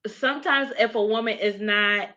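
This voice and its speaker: A woman's voice: medium pitch, normal speed, bright, forceful tone. A woman co-hosting a casual talk show who stumbles and restarts while she tries to make her point. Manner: hesitant restarts, many agreeing murmurs. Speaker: co-host. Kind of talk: casual podcast chat. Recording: dull lo-fi audio.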